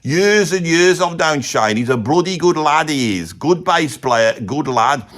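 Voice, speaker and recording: A man's voice: a little high, lively intonation, measured pace, fairly bright tone. A man with a Birmingham accent voicing a rambling, blokey older heavy metal fan in a comedy monologue, who keeps losing his thread. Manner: rambling, loses his thread, says bloody a lot. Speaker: comic pundit character.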